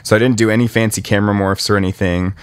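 Low-voiced man in casual podcast chat. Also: steady tone, rapid-fire, clear, resonant tone, dry recording. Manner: rambling, self-deprecating, laughs at himself. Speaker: podcast host, 3D artist.

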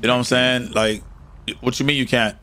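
A man's voice: medium pitch, steady tone, brisk, pushed and bright, a little hiss or hum, natural voice. A man playing a young man who teases his friend bluntly with pushy questions in casual role-play chat. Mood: reassuring. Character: young man, mocking but loyal friend. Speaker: game character.

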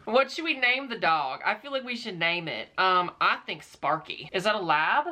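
Young woman, bright clear voice, giggly, sarcastic, casual vlog chatter. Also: medium pitch, moderate pace. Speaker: YouTuber.

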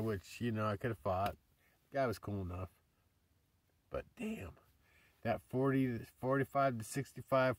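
A man's voice: fairly low pitch, no room sound. A man venting in a rambling casual vlog about his car insurance, swearing and laughing at himself, recorded in his car a little away from the mic. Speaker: vlogger.

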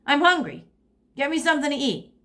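A woman's voice: sits high, very animated, a little fast, sharp tone, voice pushed up, full character voice. A woman voicing a bossy, hungry young female bird who can't fly, demanding and pouting.

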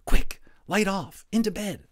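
A man voicing a quick-thinking young boy who takes charge in a crisis, giving sharp urgent commands in a storybook reading. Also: medium pitch, breathy edge, pitched above the performer's own voice. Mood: commanding.

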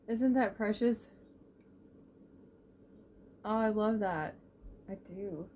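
A young woman, chatting excitedly as she unboxes beauty products, full of "like" and "y'all". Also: mid-range voice, a little hiss or hum. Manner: gushing and excitable, lots of "like" and "y'all". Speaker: beauty vlogger. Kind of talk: casual unboxing chat.

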